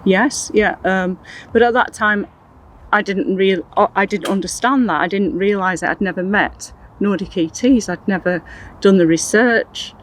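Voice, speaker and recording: Older woman, earnest, halting, interview guest, faint background hiss. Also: mid-range voice, low-quality recording. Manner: earnest, halting, many restarts. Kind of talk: recounting personal experiences in an interview.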